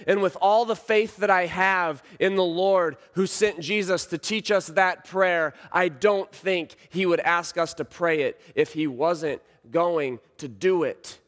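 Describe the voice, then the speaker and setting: A man in his thirties preaching a sermon, telling a story and swinging from hushed lines to shouts. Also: high-pitched, unhurried, few pauses. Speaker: pastor. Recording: long reverb of a large hall.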